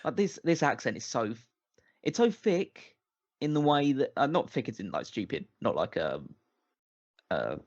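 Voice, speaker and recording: A man's voice: medium pitch, normal speed, lo-fi sound. A man co-hosting a casual movie-review podcast, rambling and restarting his sentences. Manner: rambling, restarts a lot, animated. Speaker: podcast co-host.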